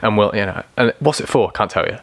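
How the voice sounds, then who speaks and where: A man's voice: fairly low pitch, quick pace, no echo. A young man, a band member guest on a podcast, chatting casually and acting out quotes as he tells stories. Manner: animated storyteller, acts out quotes.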